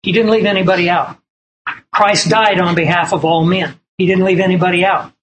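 High-voiced earnest male preacher. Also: steady tone, a little fast, a bit bright, slight background noise, rough recording. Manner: earnest, emphatic, repeats key lines, tells anecdotes. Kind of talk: sermon teaching from printed notes.

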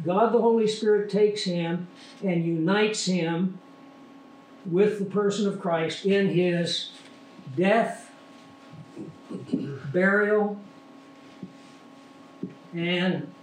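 A man preaching a sermon in a somewhat higher-than-usual voice, leading his listeners along with rhetorical questions. He sounds a little congested and stuffy. His delivery is the steady, explaining tone of a teacher. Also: drawn-out words, long pauses, slight background noise. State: congested from a sinus infection. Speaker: pastor.

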